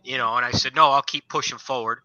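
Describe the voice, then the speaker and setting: A man's voice: mid-range voice, fairly even intonation, quick pace, pushed and bright, no echo, highs cut off. A man, a former soldier, telling stories from basic training in a casual podcast chat, rambling and leaning on filler phrases. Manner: rambling storyteller, leans on "you know".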